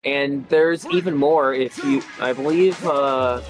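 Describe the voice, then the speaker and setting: Guest guy on a call, mid-pitched, laid back, lots of ums, faint music behind. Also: slow pace, low-quality recording. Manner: relaxed, explains with fillers, jokes around. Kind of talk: casual conversation on a call. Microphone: desk mic on a call.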